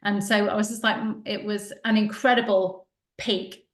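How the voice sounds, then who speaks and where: A woman, a podcast guest telling her story in casual, animated talk and acting out what people said. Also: mid-range voice, normal speed. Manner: chatty, animated, acts out quoted dialogue. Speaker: podcast guest, joy coach. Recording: roomy echo.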